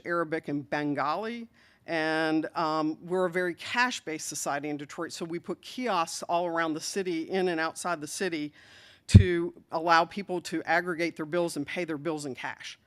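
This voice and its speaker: Woman city official, speech at an event, earnest and deliberate, emphasizes words. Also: on the low side. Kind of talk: speech at an evening panel event.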